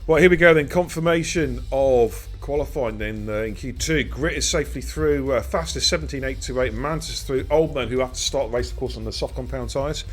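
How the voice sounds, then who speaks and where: A middle-aged man, hosting a live sim racing stream with loud, excitable hype and cheeky banter. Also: medium pitch, brisk, hardly any pauses. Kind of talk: live esports race commentary.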